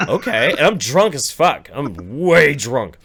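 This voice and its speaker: A man co-hosting a live-streamed podcast, telling a loose, animated story and slipping into voices for the people in it. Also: medium pitch, takes it slowly, husky. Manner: animated, acts out voices in anecdotes. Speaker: podcast co-host. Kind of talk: casual storytelling chat. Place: home studio, live stream.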